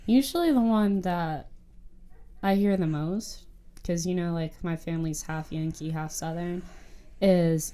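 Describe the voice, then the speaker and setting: A woman's voice: fairly low pitch, measured pace, mellow, clean tone. A woman on a college podcast, talking casually in a blunt, wry way. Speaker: podcast panelist. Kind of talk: casual chat.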